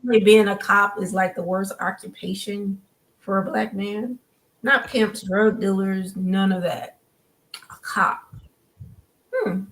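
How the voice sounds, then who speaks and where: Woman, review co-host, mid-pitched, calm, matter-of-fact. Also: slow, pauses often, low-quality recording. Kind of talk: casual spoiler review chat.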